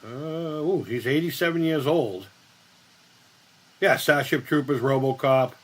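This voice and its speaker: A man's voice: on the high side, unhurried. An American man hosting a casual live chat, rambling and swearing freely as he laughs along. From United States. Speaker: live stream host.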